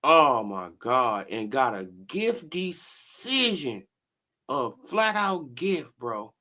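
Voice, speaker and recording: With a mid-range voice that swings widely in pitch, the host of a boxing commentary channel speaks slowly in a pushed, bright tone. His casual stream is animated and slangy, with frequent laughs and tossed-in "right?" and "bro."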